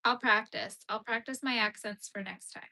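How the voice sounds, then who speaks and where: Canadian girl crocheting on stream, chatty and rambly, says like a lot, bright sharp voice. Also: on the high side, steady tone, moderate pace, creaky. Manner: chatty, rambling, lots of "like" and trailing thoughts. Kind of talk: casual live chat while crocheting.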